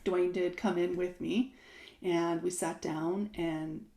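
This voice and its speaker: A woman's voice: lowish voice, steady tone, slow, creaky, mellow, roomy sound. A married woman co-hosting a podcast, telling a personal story in a chatty way, with lots of fillers, restarts and laughs. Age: adult, married. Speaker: podcast co-host.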